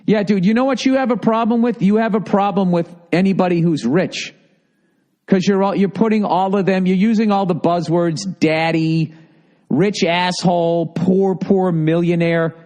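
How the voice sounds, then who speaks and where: A comedian hosting a podcast, ranting heatedly and sarcastically, with constant swearing. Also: male voice, sits high, brisk, dark tone. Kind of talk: profane comedic rant.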